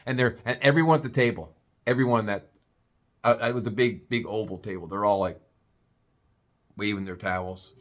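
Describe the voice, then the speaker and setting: A man telling a comic story in a drawn-out, playful way. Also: on the low side. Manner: animated, drawn-out comic buildup.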